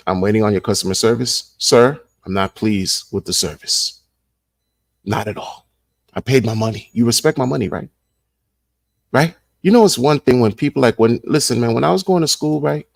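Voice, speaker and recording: Low-voiced man rambling on a livestream. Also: dry recording, studio quality. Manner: rambling, repeats himself. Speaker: livestream host. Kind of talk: casual livestream chat.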